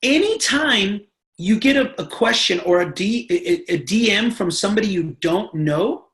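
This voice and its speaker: A sales trainer coaching a team over a live video call, pressing each point hard and checking in again and again. The voice sits in a middle pitch. The audio rings with room echo. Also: expressive, unhurried, fairly bright tone. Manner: emphatic, repeatedly checks in with the audience.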